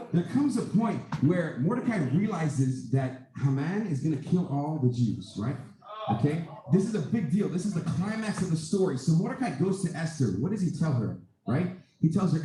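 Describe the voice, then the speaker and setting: A man's voice: a little high, big pitch swings, moderate pace, dark tone. Emphatic man in an echoey room. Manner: emphatic, rhetorical questions. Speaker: student speaker. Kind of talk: impromptu speech.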